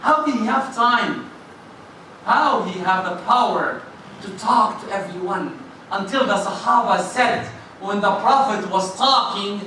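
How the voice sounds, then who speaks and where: High-voiced preacher in an echoey hall. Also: male voice, normal speed, distant mic, slight background noise. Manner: emphatic, rising to near shouts on key phrases. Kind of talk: mosque sermon. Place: large mosque hall.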